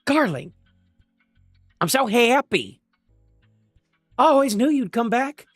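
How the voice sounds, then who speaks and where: A man voicing an adoring young mother who coos over her twin babies in a high, sweet put-on voice, reading a manga aloud. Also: sing-song, slow, a bit bright, no echo, clean studio sound, soft background music, exaggerated voice. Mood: doting.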